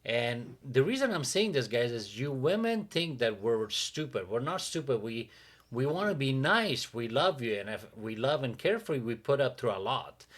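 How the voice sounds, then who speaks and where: Animated man telling dating stories. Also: mid-range voice, moderate pace. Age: adult with a teen-era dating life, father. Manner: animated, acts out quotes of others. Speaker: podcast co-host. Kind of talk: casual storytelling chat.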